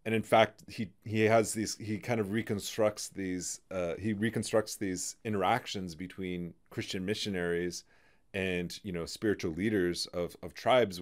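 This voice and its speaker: A man hosting a podcast, talking through ideas in a halting way, full of fillers and restarts. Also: low voice. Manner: halting, many "you know" fillers and restarts. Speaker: podcast host. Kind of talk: in-depth conversational discussion.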